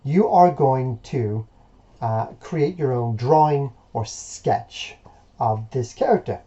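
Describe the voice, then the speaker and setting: Male teacher, very warm mellow voice, encouraging, hesitant fillers, muffled lo-fi mic. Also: medium pitch, takes it slowly. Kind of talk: recorded remote lesson.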